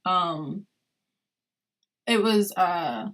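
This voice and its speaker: A woman's voice: lowish voice, drawn-out words. A woman hosting a podcast, talking casually on her own, with lots of fillers as she retells conversations. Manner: conversational, many fillers, animated retelling of dialogue. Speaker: podcast host. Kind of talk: casual solo podcast monologue.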